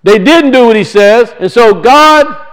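High-voiced male preacher. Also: expressive, a little slow, a bit bright, smooth, poor audio. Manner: teaching with rhetorical questions and emphatic repetition. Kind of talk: sermon.

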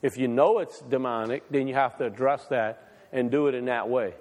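A man's voice: medium pitch, normal speed, a little mellow. A man preaching a sermon in a church hall, firing rhetorical questions at the congregation and reading scripture aloud. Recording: long reverb in a hall.

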